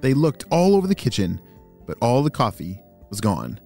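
With huge swings in pitch around a mid-range, mellow voice, this man narrates animated stories for children at a moderate pace, a touch of vocal fry showing through. He hosts and tells the tales playfully and enthusiastically, with soft music underneath.

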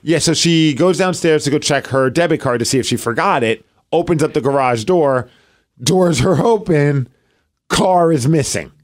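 Animated storytelling man on a podcast. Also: on the high side, normal speed. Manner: animated storytelling, acts out quotes. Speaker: podcast co-host. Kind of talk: casual chat.

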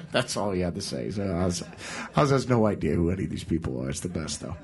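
A husky, low-pitched man chatting in an interview. He rambles through his anecdotes with plenty of fillers and laughter. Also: lively intonation, fast, few pauses, a little mellow. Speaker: guitarist guest. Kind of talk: casual storytelling interview.

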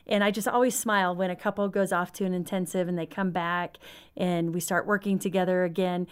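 A woman's voice: fairly low pitch, level tone, a little fast, clear, resonant tone. A woman who works as a marriage counselor, guesting on a talk show and speaking earnestly about couples she works with. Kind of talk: casual talk show chat.

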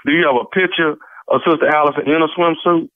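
A man on a prank phone call playing a persistent church member who keeps pushing a fundraiser, calm and unbothered. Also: a little high, fast talker, dry recording, natural voice. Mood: persuasive. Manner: smooth-talking, persistent, unbothered. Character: pushy male church member running a fundraiser. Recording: phone-line sound, dry.

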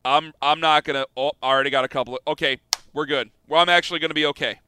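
A man hosting a sports radio show from a studio, talking in an animated, excitable way that jumps between topics. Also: a little high, very fast, clean tone, no room sound. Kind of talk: casual sports talk chat.

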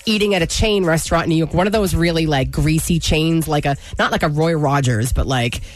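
A woman's voice: low-pitched, fairly quick, faint music behind. A woman co-host telling a long story in casual chat, rambling with lots of filler words. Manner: animated, rambling, many "like" fillers. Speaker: radio co-host.

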